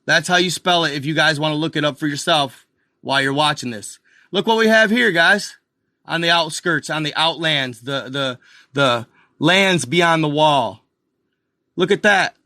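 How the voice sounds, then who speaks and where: Excited man talking over a map. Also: on the high side, moderate pace, no echo, clean studio sound. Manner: excited, repetitive, addresses viewers as guys and y'all. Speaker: video host. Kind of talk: casual commentary over a map.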